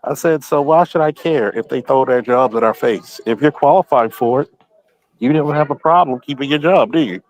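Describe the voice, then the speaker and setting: A man's voice: medium pitch, moderate pace, low-quality recording. Man, casual podcast guest, blunt and profane, keeps quoting himself as he tells a story. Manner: quotes himself often.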